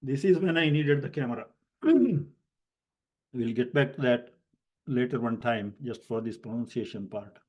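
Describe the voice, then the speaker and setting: A man teaching a Sanskrit grammar class online, explaining slowly and deliberately with many fillers and spelling out syllables letter by letter. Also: medium pitch, fairly even intonation. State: coughing at times.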